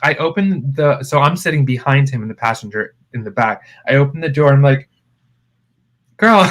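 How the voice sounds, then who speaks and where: A man co-hosting a podcast, telling a wild story in casual chat, animated, cursing often and calling his friends "girl". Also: medium pitch, normal speed, low-quality recording. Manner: animated, swears freely, calls friends "girl". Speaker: podcast co-host.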